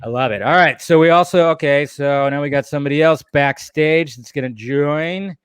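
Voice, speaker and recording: A man hosting a casual livestream chat over a video call, relaxed and chummy. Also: a little high, moderate pace, smooth, dry recording. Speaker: host. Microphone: webcam video call.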